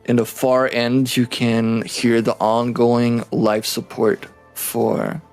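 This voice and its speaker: A man's voice: medium pitch, completely flat delivery, slow pace, vocal fry, a little mellow, smooth, soft background music. A man narrating a tabletop game as game master, who jokes, swears and teases his players. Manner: laughing, swearing, playful teasing.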